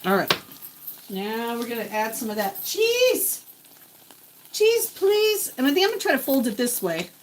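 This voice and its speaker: A woman's voice: fairly high pitch, animated, a little fast, a little hiss or hum, low-quality recording. A woman in her forties chatting casually with viewers as she cooks breakfast in her home kitchen, often talking to herself. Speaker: vlogger. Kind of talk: casual chat while cooking. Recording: faint kitchen sizzle behind.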